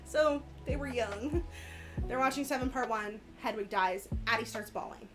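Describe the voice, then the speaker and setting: Brief: high-pitched woman in her thirties, podcast guest, giggly storyteller, music bed behind. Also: normal speed. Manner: laughing storyteller, animated retelling. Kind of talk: casual chat.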